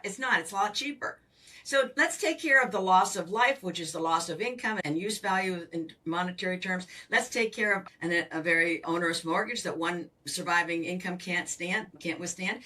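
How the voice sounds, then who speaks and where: Emphatic older woman, bright and distant. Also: mid-range voice. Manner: emphatic, animated explaining. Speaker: financial coach guest. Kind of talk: podcast interview. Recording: voice distant from the mic.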